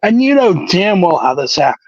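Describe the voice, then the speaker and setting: A man's voice: sits high, very animated, moderate pace, no echo. A man co-hosting a casual wrestling recap podcast, joking, laughing often and repeating his words. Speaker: podcast co-host. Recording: dull lo-fi dry sound.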